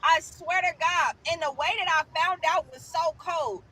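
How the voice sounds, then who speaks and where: A woman's voice: extremely high pitch, normal speed. A young woman casually telling a profane story, calling her listeners y'all. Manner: animated, addresses listeners as y'all. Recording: noisy recording.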